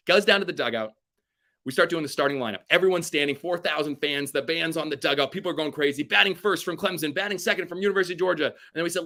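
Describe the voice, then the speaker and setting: A man giving a keynote talk, telling stories with energy and acting out what people said. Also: quick pace. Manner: energetic storyteller acting out quotes with big pitch jumps. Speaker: keynote speaker. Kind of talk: motivational storytelling keynote.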